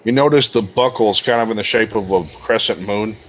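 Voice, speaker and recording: A man's voice: on the low side, brisk, fairly bright tone. A man narrating as game master of a tabletop game, laughing often and teasing his players.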